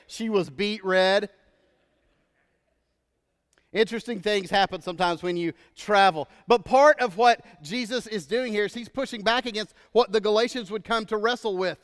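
A male pastor preaching a sermon in a relaxed, storytelling way, often checking in with "right?". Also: high voice, smooth, big-room sound.

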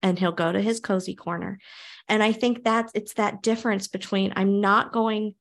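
A woman hosting a podcast interview, speaking in a calm, reflective way and repeating phrases for emphasis. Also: mid-range voice, normal speed, gravelly. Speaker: podcast host.

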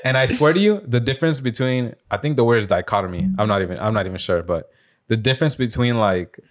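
A man's voice: medium pitch, lively intonation, fast. A young man casually telling a story on a podcast, rambling with lots of fillers and swearing. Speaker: podcast host. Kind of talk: casual chat.

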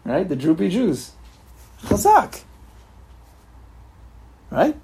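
A man leading an informal religious study group, animated and repetitive, acting out examples for his listeners. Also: high-pitched, very slow, slightly rough. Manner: animated, repeats himself, acts out examples. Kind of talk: informal religious class talk.

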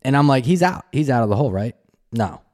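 A man hosting a podcast, telling a story in a casual, animated way and laughing often. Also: mid-range voice, fast talker. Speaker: podcast host.

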